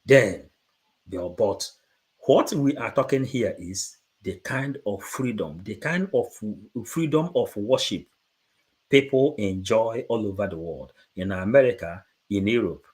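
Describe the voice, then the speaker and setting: A man, giving an unscripted livestream talk, halting and repeating words, then rising into emphatic bursts. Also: on the low side, lively intonation, darkish tone. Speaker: livestream presenter.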